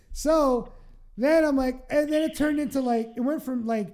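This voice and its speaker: A woman tells a rowdy story to a friend, swearing freely and breaking into laughter. Her voice sits a bit high but has a soft, mellow tone. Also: normal speed. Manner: animated, profane, laughing storyteller. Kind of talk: casual storytelling chat.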